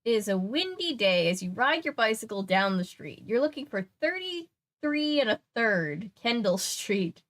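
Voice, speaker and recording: A woman's voice: fairly high pitch, big pitch swings, normal speed, a bit bright. Young woman host, chatty reader, breaks off to joke with chat. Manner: chatty, joking asides. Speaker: streamer reading a kids' book. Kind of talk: casual read-aloud with chat asides.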